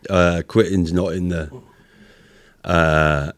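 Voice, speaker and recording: A low-pitched man from Britain talks casually as a podcast guest. He tells long stories, swears freely and slips into the voices of the people in them. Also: fairly even intonation, takes it slowly. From United Kingdom. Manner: swears often, storytelling, acts out quotes. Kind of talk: casual chat.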